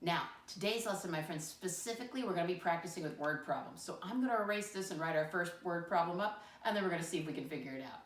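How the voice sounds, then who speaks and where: A woman teacher leading a first-grade lesson, encouraging and spelling words out slowly letter by letter. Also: fairly low pitch, lively intonation. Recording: echoey room, voice from a distance.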